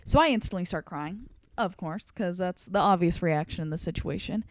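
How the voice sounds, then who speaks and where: A woman's voice: fairly low pitch, normal speed, a little hiss or hum. A young woman vlogger telling a story in an emotional, chatty way, saying "like" constantly. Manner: chatty and emotional, heavy use of "like". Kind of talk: storytime vlog.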